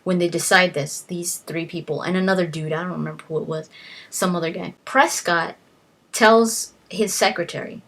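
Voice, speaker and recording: A woman's voice: lowish voice, fairly even intonation, moderate pace, a bit bright. A young woman casually retelling a novel's plot, rambling and quoting the characters with "he's like" as she goes. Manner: rambling, quotes characters with "he's like", frequent restarts.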